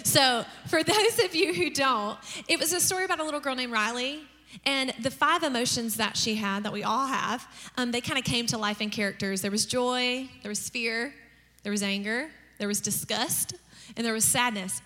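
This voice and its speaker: Woman pastor, high bright voice, animated storytelling sermon, long hall reverb. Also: moderate pace. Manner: storytelling with acted-out family dialogue and humor. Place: church hall.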